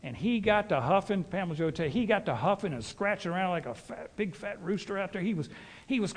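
Folksy preacher, rather high voice. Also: male voice, lively intonation, a little fast. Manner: folksy, rambling storyteller. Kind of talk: sermon with storytelling.

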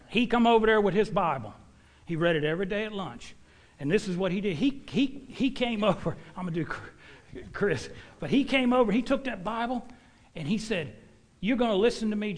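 Emphatic preacher, high voice, reverberant hall. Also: male voice. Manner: emphatic, folksy, swings from loud exhortation to low asides. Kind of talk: sermon with personal testimony.

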